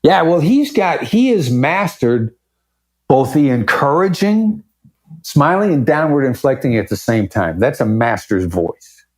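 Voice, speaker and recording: A man's voice: medium pitch, sing-song, a little slow, darkish tone. A man speaking as a guest in a podcast interview, explaining his points emphatically and varying his pace for effect. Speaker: podcast guest, negotiation expert. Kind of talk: conversational interview.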